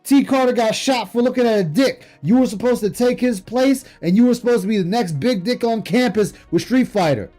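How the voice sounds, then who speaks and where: High-voiced man on a profane stream rant. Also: a little fast, hardly any pauses, soft background music. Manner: profane, scornful, shouting in bursts. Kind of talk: heated late-night stream rant. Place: home streaming setup.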